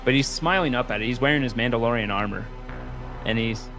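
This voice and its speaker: A man narrating a tabletop game as game master, playful and quick with asides, over a video call with faint music behind. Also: medium pitch.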